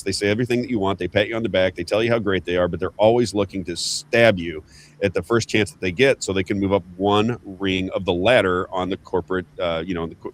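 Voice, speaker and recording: A male host of a political talk show, speaking quickly in a fairly low voice. He gets excitable and emphatic and often restarts his sentences. A faint noise runs under the recording. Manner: emphatic, excitable, repeats himself.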